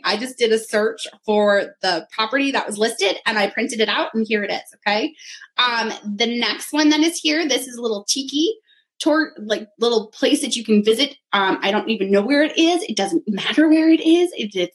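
Chatty upbeat woman coach, slightly high. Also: rough recording. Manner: chatty and upbeat, talking through each item. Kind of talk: casual how-to talk showing a vision board.

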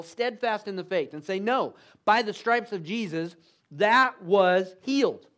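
A preacher delivers an emphatic sermon in a church, urging his listeners on with repeated calls. His voice sits high for a man, and his pitch swoops up and down as he drives each point home. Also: fairly bright tone. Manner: emphatic, call-and-response, "come on now".

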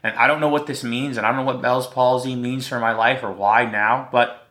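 Man, slight lisp, bright tone, easygoing rambling storyteller, mid pitch. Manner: light-hearted, rambling storytelling. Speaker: podcast host. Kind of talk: casual solo podcast talk.

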